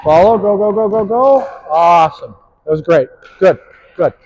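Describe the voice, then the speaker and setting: A man's voice: high voice, moderate pace, a little mellow, slight background noise, low-quality recording. A man coaching players on the court, upbeat and encouraging as he calls out praise and instructions. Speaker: pickleball coach.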